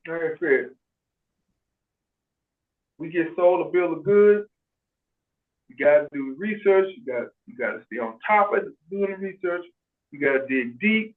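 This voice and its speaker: A man telling stories in casual chat on a video call, animated, acting out quoted voices and often restarting his sentences. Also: a little high. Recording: tinny phone-like video call audio.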